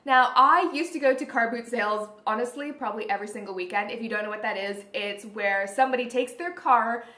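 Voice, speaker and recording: A woman's voice: a little high, a little fast, sharp tone. A woman vlogging in a chatty, gushing way, full of "like". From Canada. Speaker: beauty vlogger. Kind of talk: casual vlog chat. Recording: roomy echoey room.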